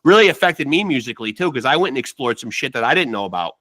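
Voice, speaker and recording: A man's voice: mid-range voice, sing-song, fast talker, bright, forceful tone, dry recording. An older man hosting a podcast, chatting loosely and tacking "man" onto his sentences. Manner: rambling, says "man" often. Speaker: podcast host. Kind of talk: casual interview chat.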